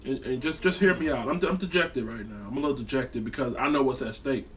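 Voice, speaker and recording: A man's voice: mid-range voice, quick pace, recorded from a distance, a little hiss or hum. A man delivering a heated, profane, rambling sports rant as a fan vlogger.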